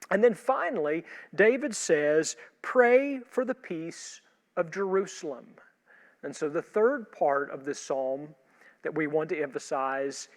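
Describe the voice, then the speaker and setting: Man, pastor, sermon preview, measured, rhetorical questions, slightly high voice, long hall reverb.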